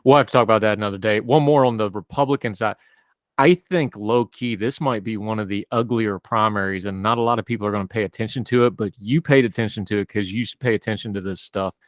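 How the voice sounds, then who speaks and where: A man's voice: fairly low pitch, fairly even intonation, quick pace, dry recording. A man hosting a casual political talk show, adding wry, conversational asides. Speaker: podcast host.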